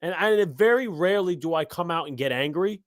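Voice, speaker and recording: A man hosting a live sports podcast, ranting heatedly and profanely about his team, his voice swelling loud when angry. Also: a little high, animated, brisk, no room sound, clean studio sound. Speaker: podcast host.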